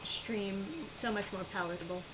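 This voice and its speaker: A woman's voice: mid-range voice, fairly even intonation, moderate pace, background noise. A woman co-hosting a gaming stream, chatting casually and laughing easily as she plays. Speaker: gaming channel co-host. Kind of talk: casual chat while playing a game.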